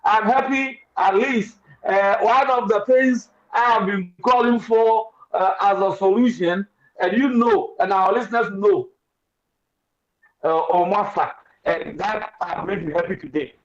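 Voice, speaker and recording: A man with a Ghanaian accent speaking as a radio panelist, excitable and preachy, mixing Twi and English. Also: high voice, unhurried. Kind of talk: animated talk radio discussion. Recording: dull lo-fi radio stream.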